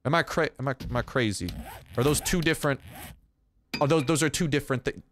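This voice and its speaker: A young man rambling through casual gameplay commentary, goofy and self-mocking, with sudden excited outbursts. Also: medium pitch, fast, a little hiss or hum. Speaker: gaming YouTuber.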